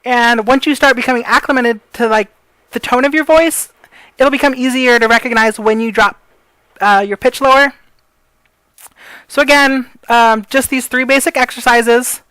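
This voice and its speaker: A woman's voice: a little high, steady tone, normal speed, a bit bright, clear, resonant tone, dry recording, low-quality recording. Rambling woman teaching voice exercises. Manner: rambling, filler-heavy, apologetic. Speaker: voice coach. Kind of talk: casual spoken tutorial.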